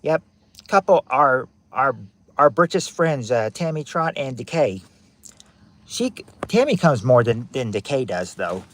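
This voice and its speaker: In a mid-range, sing-song voice with a fairly bright tone and measured pace, a man hosts a family quiz on a livestream. Chatty and repetitive, he reads the questions and greets viewers by their chat names.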